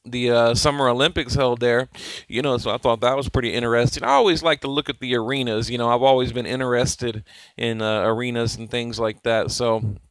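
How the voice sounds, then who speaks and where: A man's voice: mid-range voice, steady tone, brisk, no echo, poor audio. A man hosting a boxing channel, chatting casually and rambling with lots of fillers. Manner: rambling, laid-back, many fillers, chuckles. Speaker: boxing YouTube host. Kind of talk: casual fight commentary.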